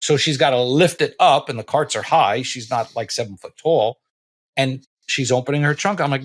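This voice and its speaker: A man in his late fifties hosting a podcast, telling stories in a rambling, animated way with many restarts and blunt, salty language. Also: medium pitch, moderate pace. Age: late 50s. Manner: blunt, a bit profane. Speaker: podcast host. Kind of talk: casual interview chat.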